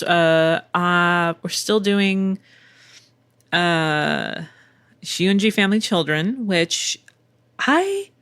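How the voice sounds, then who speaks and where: A woman's voice: medium pitch, a bit bright, no room sound. A middle-aged woman hosting a casual solo podcast, chatty and candid, swearing freely with wry asides. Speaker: podcast host and voice actor.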